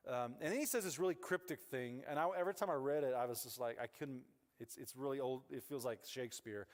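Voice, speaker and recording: A man's voice: mid-range voice, expressive, fairly quick. A man preaching a casual, rambling sermon as pastor, full of asides and restarts, on a wireless mic. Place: church sanctuary. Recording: church hall reverb.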